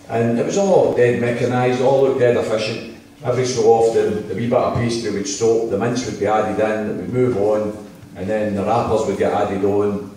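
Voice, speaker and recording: A man's voice: mid-range voice, darkish tone, slight background noise. A middle-aged Scottish man giving an impassioned campaign speech in a town hall, telling stories with jokes and asides. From Scotland. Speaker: political campaign speaker. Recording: echoey hall from far off.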